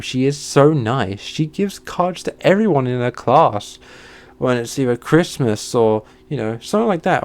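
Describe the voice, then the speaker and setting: A man telling a heated storytime rant, swearing often and flaring into shouted outbursts before sighing and calming down. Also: mid-range voice. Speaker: channel host. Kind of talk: ranting storytime monologue.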